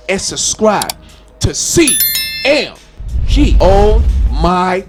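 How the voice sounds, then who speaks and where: A man hosting a gaming channel, ranting with loud, exasperated questions and frequent cursing. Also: high-pitched, sing-song, extremely slow, pauses often, music in the background. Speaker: gaming YouTuber. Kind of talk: animated rant video.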